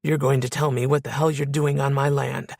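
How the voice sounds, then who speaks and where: A woman voicing a calm, menacing man in an audiobook, speaking in a low, smooth, taunting way. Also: brisk, no echo, studio quality, exaggerated voice. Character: deep-voiced menacing man, calm and mocking. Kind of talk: audiobook character voice.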